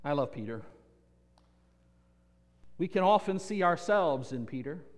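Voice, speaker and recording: High-voiced preacher in a reverberant hall. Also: male voice, measured pace. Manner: animated, repetitive preaching with playful asides. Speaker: pastor. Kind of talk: sermon.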